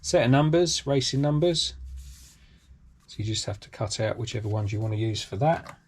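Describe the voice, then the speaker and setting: A man's voice: medium pitch, animated, normal speed, husky. A British man hosting a hobby channel, talking casually through an unboxing with lots of ums and restarts. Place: home workshop.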